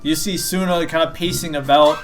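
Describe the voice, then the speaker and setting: A woman game master narrates a tabletop game session. She rambles casually, sprinkling in "like" and "kinda." Her voice sits on the lower side. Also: steady tone, fairly quick, music in the background.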